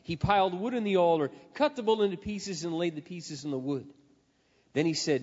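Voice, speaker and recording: A man with a high voice preaches a sermon, telling a scripture story dramatically and dropping from loud passages into hushed asides. His voice carries a long hall echo. The recording sounds dull and lo-fi. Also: a little fast.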